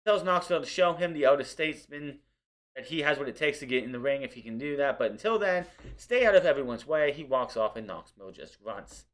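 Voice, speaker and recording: A man's voice: mid-range voice, expressive, a little fast, fairly bright tone. A man reviewing a wrestling show in a casual, opinionated recap, often restarting his sentences. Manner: conversational, opinionated, with frequent restarts.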